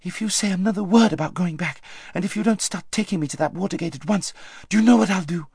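A man's voice: sits high, quick pace, a little mellow, husky, dry recording, pitched above the performer's own voice. A man doing a fierce, determined young noble girl. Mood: urgent. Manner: urgent and commanding. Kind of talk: audiobook narration. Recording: dry close studio sound.

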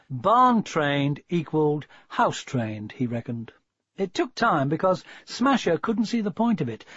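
A man reading a story aloud, with a voice that rises and falls freely and sits a little high for a man. The tone is husky, and the recording is dry and dull. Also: no echo. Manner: expressive, measured storytelling. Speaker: narrator. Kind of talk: audiobook story narration.

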